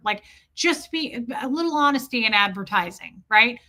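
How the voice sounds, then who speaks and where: Woman, livestream host, casual, blunt, profane, bright tone, slightly high. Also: animated, normal speed, hardly any pauses.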